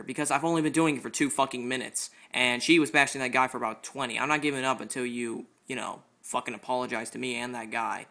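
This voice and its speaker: A young man tells a story straight into his microphone, ranting, exasperated and full of swearing. His voice has a gravelly, bright edge at an ordinary pitch for a man. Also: steady tone, fairly quick, hardly any pauses. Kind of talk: casual storytelling.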